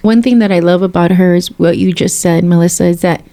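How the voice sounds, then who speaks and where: A woman on a faith podcast panel, talking earnestly and reflectively, with quick bursts of speech. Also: fairly low pitch, steady tone, warm tone. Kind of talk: casual faith discussion.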